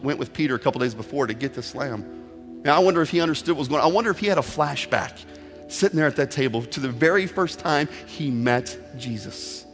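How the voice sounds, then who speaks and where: A man preaching a sermon as pastor in a church, with an impassioned, repetitive cadence. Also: fairly high pitch. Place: church sanctuary. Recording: echoey hall with faint music.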